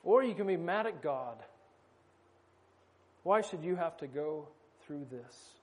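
Brief: male preacher, high voice, conversational sermon style, slows down to drive points home. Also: animated. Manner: conversational with wry asides, slowing for emphasis.

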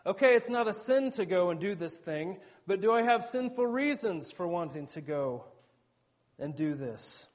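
A man's voice: sits high, animated, moderate pace. A man preaching a sermon in an earnest, conversational teaching manner, with asides to the congregation.

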